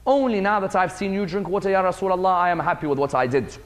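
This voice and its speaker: A man's voice: high-pitched, quick pace, close to an everyday voice. A man telling of a devoted desert companion. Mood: earnest.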